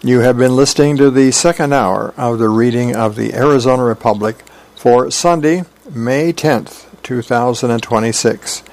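Gravelly man reading comics aloud. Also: medium pitch, a little mellow. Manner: plain, unhurried storytelling with small fillers. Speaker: volunteer radio reader.

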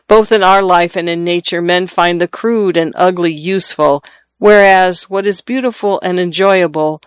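A reader voicing a skeptical old man who teases and philosophizes, in a dry, clear studio recording. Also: medium pitch, no room sound, close to an everyday voice. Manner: wry, philosophizing, teasing.

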